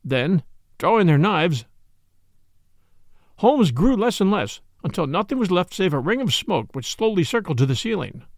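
A man narrating a story for a podcast with an expressive, theatrical reading. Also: high voice, moderate pace, no echo, studio quality. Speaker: podcast reader.

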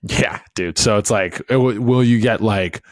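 A man's voice: lowish voice, moderate pace, no room sound. A man comedian co-hosting a podcast, joking crudely in a laid-back way. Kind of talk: casual podcast chat.

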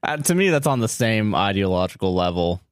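A man co-hosting a podcast, animated and profane, laughing through casual banter. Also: on the low side, brisk, clean tone, dry recording, clean studio sound. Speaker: podcast co-host. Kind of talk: casual chat.

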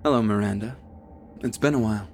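A man's voice: lowish voice, brisk, a little mellow, slight background noise, natural voice. A man doing a dry, smirking stranger. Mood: sly. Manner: casual, dry, insinuating. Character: smirking, sinister young man at the door.

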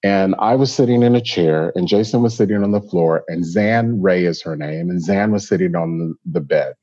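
Husky low-voiced man, muffled sound. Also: moderate pace. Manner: animated storyteller, acts out quoted voices. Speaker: hairstylist and salon owner. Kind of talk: conversational interview answers.

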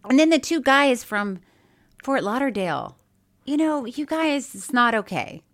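Lively, laughing woman podcast co-host. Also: high voice, unhurried. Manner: laughs often, reads listener mail aloud. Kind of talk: casual chat.

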